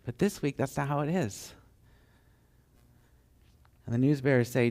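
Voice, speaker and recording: Guy preaching, lively storyteller, does little voices, goes soft and hushed sometimes. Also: mid-range voice, moderate pace, pauses often. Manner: animated storytelling, acting out voices; drops to soft, hushed tones for tender moments. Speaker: pastor. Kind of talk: sermon.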